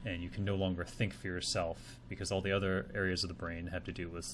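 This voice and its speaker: A man with a fairly low voice talks through a video in a casual, musing way, often unsure of himself. A faint hiss sits under his voice. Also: level tone, fast talker. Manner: musing, tentative. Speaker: video analyst. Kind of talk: casual commentary.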